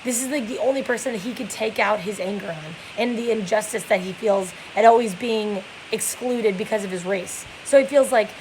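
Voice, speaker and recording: A woman's voice: medium pitch, fairly quick, hardly any pauses, a little mellow, a little hiss or hum, rough recording. A young woman reading a novel aloud and explaining it casually, with many fillers.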